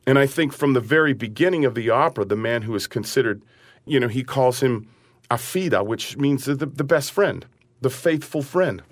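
A man who is an opera singer talking in an interview about a role he sings, animated and acting out his character's lines. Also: medium pitch, normal speed, no echo. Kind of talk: interview conversation.

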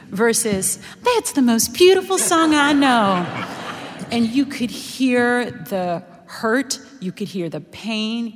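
An animated woman talks about a stage role in a panel interview, laughing as she goes and acting out lines. Her voice sits at a middling pitch, and the sound rings with a long hall reverb. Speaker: opera singer cast in a musical.

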